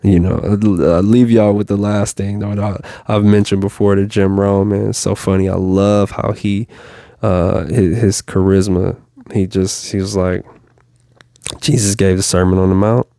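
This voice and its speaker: A man's voice: on the low side, little pitch movement, normal speed, creaky, mellow, no echo, studio quality. A man hosting a motivational show, talking casually and encouragingly to his viewers, repeating himself and calling them y'all. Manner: casual, repetitive, encouraging, addresses listeners as y'all.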